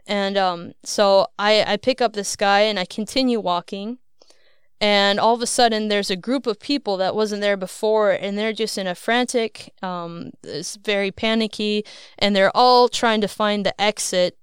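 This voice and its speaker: A woman's voice: medium pitch, normal speed, clear, resonant tone, no echo, studio quality. A woman, a guest on a Christian program, telling at length about a dream she had, in a rambling, earnest way with self-conscious laughs. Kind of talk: casual storytelling.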